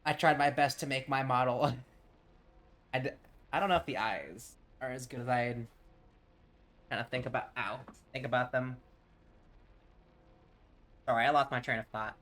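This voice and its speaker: Man from tennessee, game streamer, casual chat, bright tense voice, wanders off topic. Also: mid-range voice, normal speed, pauses often. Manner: rambling, easily sidetracked, chatty with viewers. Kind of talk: casual live-stream chat while gaming.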